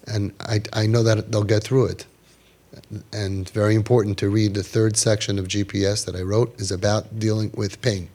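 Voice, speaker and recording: A man's voice: fairly low pitch, moderate pace. A man, speaking to parents with passion and acting out their voices as he tells stories, his talk full of Hebrew and Yiddish words. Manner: animated, acts out quoted parents and kids in raised voices; sprinkles Hebrew and Yiddish religious terms. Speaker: parenting podcast host giving guidance.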